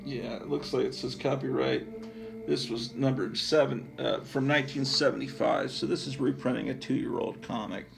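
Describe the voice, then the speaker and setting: A man's voice: medium pitch, normal speed, creaky, over music. A man hosting a casual, digressive show-and-tell of his comic collection, talking offhand with many fillers. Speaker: comic book collector and channel host.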